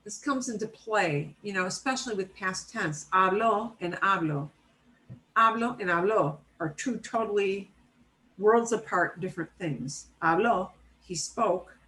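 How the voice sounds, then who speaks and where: A woman teaches Spanish in a relaxed online lesson over video call, explaining things in a chatty manner and frequently asking "right?" or "okay?". Her voice is fairly high-pitched with a fairly bright tone. The recording is rough.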